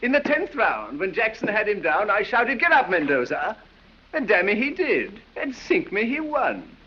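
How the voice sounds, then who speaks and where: An actor playing a silly, foppish English aristocrat dandy who drawls, giggles and dithers, in 1930s film acting. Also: male voice, high voice, big pitch swings, moderate pace. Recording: dull old film soundtrack with hiss.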